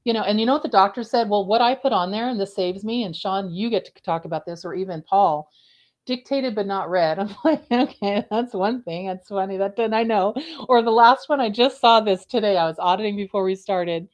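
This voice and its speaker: Animated, laughing middle-aged woman. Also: medium pitch, fairly quick. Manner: animated, laughs often, lively storytelling. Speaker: coding and compliance panelist. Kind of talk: casual panel discussion.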